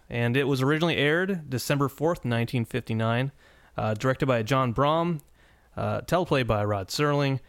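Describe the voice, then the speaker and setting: Male podcast host, casual and rambling, average pitch, dry close recording. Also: gravelly, a bit bright, no echo. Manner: rambling, many restarts and fillers. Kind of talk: casual episode recap.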